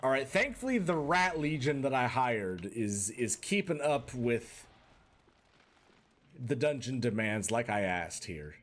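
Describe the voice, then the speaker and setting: A man's voice: mid-range voice, sing-song, measured pace, a bit bright. A man streaming a video game live in a put-on Boston and New York accent, chatting with his viewers and tossing out mock-tough asides as he plays. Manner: chatty, talks to chat while playing, mock-tough asides. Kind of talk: live gaming commentary.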